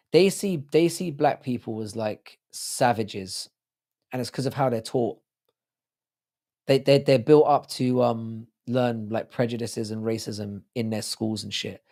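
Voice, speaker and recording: A man's voice: mid-range voice, a little mellow. A man hosting a livestream, rambling profanely in casual chat and reading out viewer comments. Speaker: livestream host.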